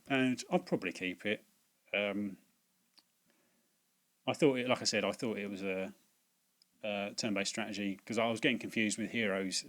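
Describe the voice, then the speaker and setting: A man's voice: mid-range voice, fairly bright tone. A man hosting a casual video about things he bought, rambling and chatty with many fillers, recorded at home on a laptop mic. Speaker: video host. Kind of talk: casual unboxing vlog. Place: home room at dusk. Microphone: laptop built-in mic.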